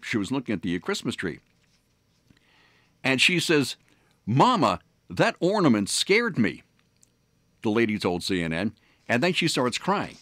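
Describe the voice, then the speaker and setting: A man's voice: mid-range voice, a bit bright, dry recording. A man hosting a morning radio show, telling stories in a rambling way with many fillers and restarts. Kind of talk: casual on-air storytelling. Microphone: studio microphone.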